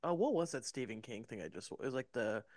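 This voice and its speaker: A man's voice: mid-range voice, animated, quick pace, a little mellow, no room sound. A man co-hosting a podcast in casual chat, rambling and heavy on fillers. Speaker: podcast co-host.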